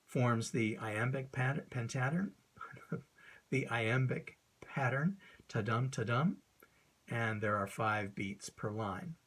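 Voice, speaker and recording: Guy explaining poetry rhythm, slow talker, lots of uhs, kinda husky. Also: mid-range voice, fairly bright tone. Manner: unscripted, many ums and uhs, recites verse slowly. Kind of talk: informal recorded lesson.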